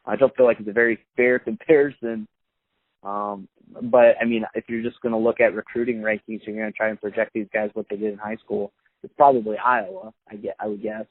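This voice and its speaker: Host guy talking casual, lots of ums and restarts, low voice, tinny phone sound. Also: flat delivery, fairly quick, no room sound. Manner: hesitant, many fillers and restarts. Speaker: podcast host. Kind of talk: casual podcast talk.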